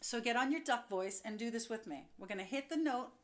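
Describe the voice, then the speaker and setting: A woman's voice: a little high, expressive, heavy background noise. A young woman giving a singing lesson, upbeat and chatty, explaining as she goes. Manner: upbeat, explains with quick demos and laughs. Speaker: vocal coach.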